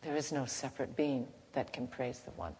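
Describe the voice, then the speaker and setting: Low-voiced woman giving a gentle devotional talk. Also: expressive. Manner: gentle, unhurried, halting, softly chanting. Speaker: spiritual teacher. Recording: reverberant hall, faint background noise.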